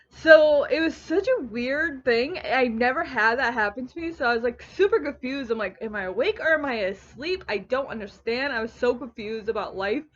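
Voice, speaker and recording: A young woman telling a story in a casual home vlog, rambling and animated, often stopping herself mid-sentence. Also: on the high side. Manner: rambling, animated, self-interrupting. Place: at home on a couch. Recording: dull lo-fi home recording.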